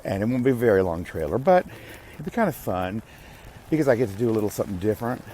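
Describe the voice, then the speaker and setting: Rambling lower-voiced man hosting a podcast. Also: expressive, fast, dark tone, a little hiss or hum. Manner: rambling, self-interrupting, occasional swearing. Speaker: podcast host. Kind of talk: casual rambling monologue.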